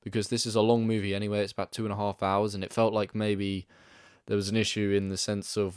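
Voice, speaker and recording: A man's voice: lowish voice, little pitch movement, fast, smooth, no echo, studio quality. A man talking through a movie review in a casual, rambling way, often correcting himself mid-sentence. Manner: chatty, rambling, frequent self-corrections. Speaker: film reviewer.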